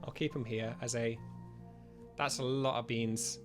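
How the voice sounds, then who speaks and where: A man's voice: medium pitch, steady tone, a little slow, over music. A man streaming a game live through a studio mic with a pop filter, chatting and thanking viewers over and over.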